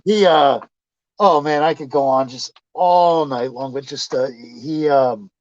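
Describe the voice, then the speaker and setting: A man being interviewed, casually telling profane, animated stories and acting out what people said. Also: fairly high pitch, measured pace, dry recording, lo-fi sound. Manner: profane, animated anecdotes with acted quotes. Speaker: interview guest, pro wrestler. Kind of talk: casual storytelling.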